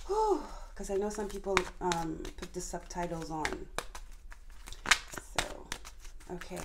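A woman giving a tarot reading to viewers, talking fast and passionately and calling on Spirit. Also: medium pitch, heavy background noise. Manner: addresses viewers directly, calls on Spirit. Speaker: tarot reader.

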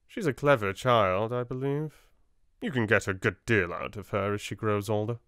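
A man with a British accent reading a soft-spoken audiobook, voicing a shrewd businessman who speaks calmly with a faintly sinister edge. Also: lowish voice, smooth, no room sound, clean studio sound, close to an everyday voice. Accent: British English. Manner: calm, unhurried, faintly sinister. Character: cool, shrewd middle-aged male solicitor.

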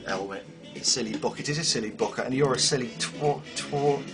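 A man hosting a casual game commentary, rambling and self-mocking with sudden exclamations, his voice a little hoarse. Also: mid-range voice, a little fast. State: slightly hoarse voice. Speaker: gaming video host. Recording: game music behind voice.

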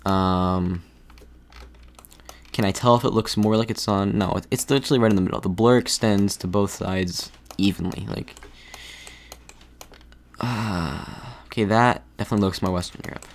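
A man's voice: fairly low pitch, fairly even intonation, normal speed, pauses often, slight background noise. A man giving thinking-aloud commentary while playing a geography game, hesitant and full of restarts. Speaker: gaming video creator.

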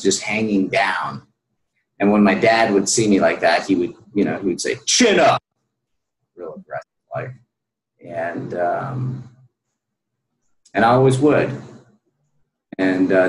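Deep-voiced guy telling his story slow, lots of ums, roomy echo. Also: a little hiss or hum. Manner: earnest storytelling, many fillers. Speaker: guest. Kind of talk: personal story in an interview.

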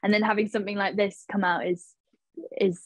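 A woman's voice: mid-range voice, flat delivery, a little fast, no room sound, poor audio. A woman in her twenties, an actress answering interview questions casually, hesitant, with many fillers and restarts as she searches for words. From England. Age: 20s.

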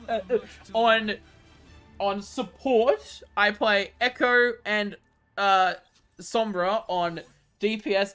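A young man streaming a game, excitable and laughing often, swearing freely as he plays. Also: high voice, clear, resonant tone. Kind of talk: live gameplay commentary.

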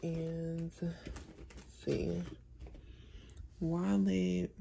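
Woman, young adult, retainers in, gravelly, low-pitched, casual bedroom vlog. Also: big pitch swings, extremely slow, warm tone, slight background noise. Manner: chatty, rambling, slangy. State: talking with retainers in. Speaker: lifestyle vlogger. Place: bedroom at home.

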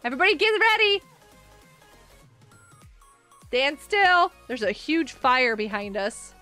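High, lively woman streaming a game. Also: slow, soft background music. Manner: excitable, gasping and laughing often. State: sleepy, yawning. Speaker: gaming livestreamer. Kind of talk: casual live gameplay chat.

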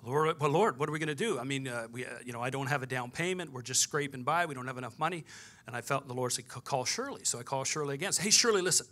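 A man's voice: mid-range voice, fast, fairly bright tone. A man, preaching a sermon and telling a personal story with quoted dialogue. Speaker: pastor.

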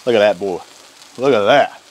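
A man's voice: on the low side, normal speed, background noise. Folksy man cooking, griddle sizzling. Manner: folksy and enthusiastic, Southern phrasing. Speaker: cooking channel host. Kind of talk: casual cooking vlog.

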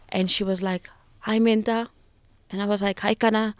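A woman's voice: mid-range voice, level tone, moderate pace, clear, resonant tone, no echo. A South African woman in her thirties, a podcast guest, tells a personal story with emotion, reflection and frequent restarts.

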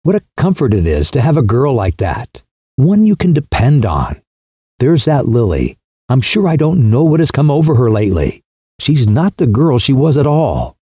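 A man voicing a brisk, fussy elderly aunt in an audiobook reading. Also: medium pitch, big pitch swings, dark tone, husky, dry recording, studio quality.

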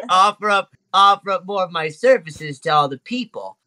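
A man's voice: sits high, slow, no room sound, voice pushed up, heavily acted. A man voicing an eager, boastful little male white monkey who gushes and brags. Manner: gushing, excitable, bragging.

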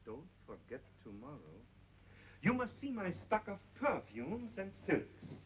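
An actor playing an ingratiating male shop owner who talks in a coaxing, flattering way, in 1930s film acting. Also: high-pitched, unhurried, slight background noise, full character voice, rough recording. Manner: coaxing, flattering, sing-song.

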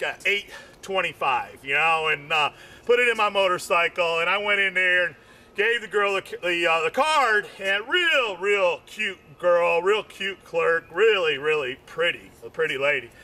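A man's voice: high-pitched, lively intonation, normal speed, pushed and bright. A man doing comedy, telling a long rambling story full of fillers and repeated words.

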